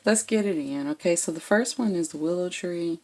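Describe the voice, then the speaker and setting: A woman's voice: lowish voice, fairly quick, a little mellow. A woman giving a casual, blunt tarot reading to her viewers, checking in with "okay?" after nearly every point. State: has the hiccups. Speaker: tarot reader.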